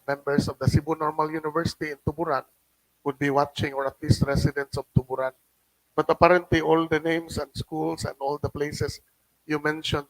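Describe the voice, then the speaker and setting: Filipino guy w cebuano accent giving a talk, bit high voice, dry sound, keeps restarting. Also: a bit bright, no echo, poor audio. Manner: halting, with frequent restarts and tag "no?". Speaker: guest speaker. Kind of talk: lecture reading a translated document. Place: hotel function room.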